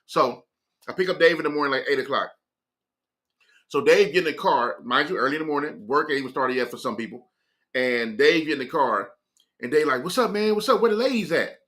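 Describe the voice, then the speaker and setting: Bright-voiced man telling a comic story. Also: mid-range voice, brisk, pauses often. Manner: loose slangy delivery, laughs often. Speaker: morning show host.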